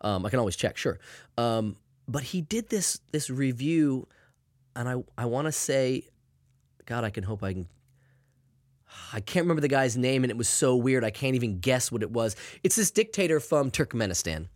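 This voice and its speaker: This podcast co-host is a man with a mid-range voice who talks at a moderate pace, animated and rambling, swearing freely as he spins stories on a casual show. The sound is studio quality with no echo.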